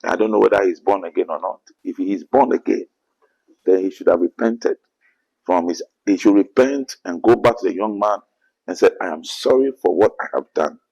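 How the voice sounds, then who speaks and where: Gravelly deep Ghanaian preacher man. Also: moderate pace, warm tone, highs cut off. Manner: earnest, quotes scripture, rising to emphatic bursts. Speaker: apostle being interviewed. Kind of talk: preachy interview answers.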